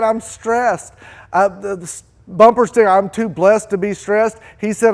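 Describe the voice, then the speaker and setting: A man's voice: high-pitched, normal speed. Dramatic male pastor preaching a sermon. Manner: dramatic, acting out desperate pleas in a raised voice. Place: church.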